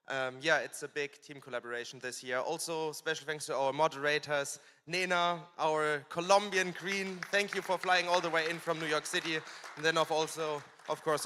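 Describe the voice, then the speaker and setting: Man thanking teams in a big hall. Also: on the high side. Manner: warm, listing thanks with fillers. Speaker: conference organizer. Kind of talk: closing thank-yous on stage. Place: large conference hall. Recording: reverberant hall sound.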